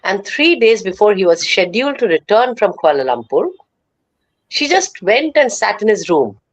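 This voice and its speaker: A woman with an Indian accent telling a story in an animated way on a live panel. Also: medium pitch, moderate pace, no echo. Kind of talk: live online panel chat.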